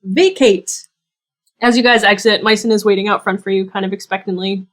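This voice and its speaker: A woman's voice: mid-range voice, flat delivery, quick pace, a bit bright, slight background noise. Easygoing woman running a tabletop game. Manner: easygoing, laughs often. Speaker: game master.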